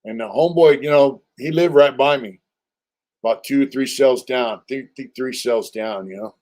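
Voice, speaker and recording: A man's voice: mid-range voice, moderate pace, a little mellow. An older man hosting a casual livestream, telling a story in a loose, rambling, streetwise way with lots of fillers and swearing. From California. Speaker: livestream host.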